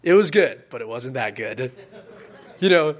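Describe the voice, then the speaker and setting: A man preaching a casual sermon as a youth pastor. He swings between loud, emphatic stretches and quiet, soft-spoken asides. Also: mid-range voice, animated, measured pace.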